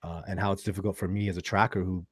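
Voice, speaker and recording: A man with a Canadian accent hosting a live stream, reading out viewer questions and answering them in a casual, excitable way. He jumps from loud enthusiasm to quiet musing. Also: sits low, very fast, husky, dry recording, studio quality.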